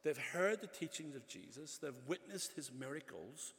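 Conversational preacher in a ringing hall. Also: male voice, a little high, animated, moderate pace, a bit bright. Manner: conversational, with frequent asides and restarts. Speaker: pastor. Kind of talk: sermon. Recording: long church reverb.

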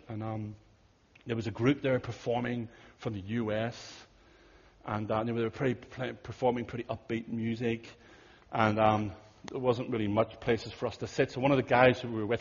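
A man telling a story in a sermon, earnest and conversational, often dropping to hushed tones, with a husky voice. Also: mid-range voice, flat delivery, normal speed. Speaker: pastor. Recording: dull audio in a big reverberant hall.

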